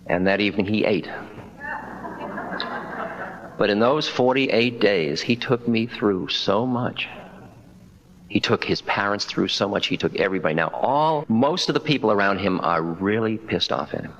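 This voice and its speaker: Older male spiritual teacher, deep voice, relaxed lecture storytelling. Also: moderate pace, lo-fi sound, slight background noise. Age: 60s. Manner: conversational, wry, quotes dialogue in stories. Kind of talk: public talk with storytelling. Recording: 1992 lecture recording.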